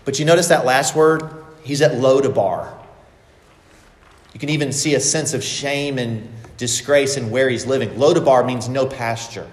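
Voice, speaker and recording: A man's voice: mid-range voice, moderate pace. A man preaching a sermon, expressively acting out the quoted lines of the story. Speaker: pastor. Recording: echoey hall with long reverb.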